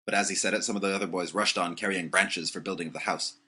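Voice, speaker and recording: A man narrating an audiobook with expressive storytelling. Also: low voice, quick pace, slightly rough.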